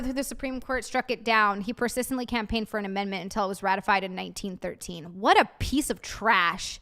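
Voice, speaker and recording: A woman's voice: mid-range voice, pushed and bright. A young woman live streaming, chatting casually with viewers, reading comments and ranting with exasperation. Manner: ranting, reads chat aloud and greets viewers.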